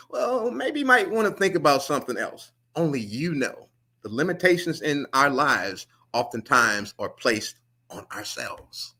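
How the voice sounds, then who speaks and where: A man's voice: mid-range voice, pushed and bright. A middle-aged man, a jazz musician, giving earnest, motivational interview answers and often asking "right?". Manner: motivational, earnest, sprinkles "right?" and "you know".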